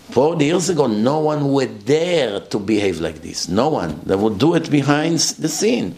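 A man giving a sermon-style lecture as a rabbi, emphatic and full of rhetorical questions, with his voice swinging up and down for effect. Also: mid-range voice.

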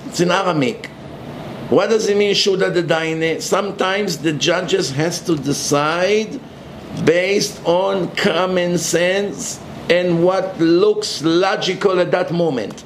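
Male religious lecturer, raised pitch, emphatic, rhetorical; echoey room with faint ambience. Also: takes it slowly, slight background noise.

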